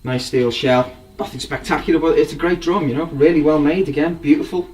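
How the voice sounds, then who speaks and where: A man with a somewhat high, darkish-toned voice talks fairly quickly as he shows off his drums with rambling enthusiasm. The casual show-and-tell is captured from a distance, faint background noise present.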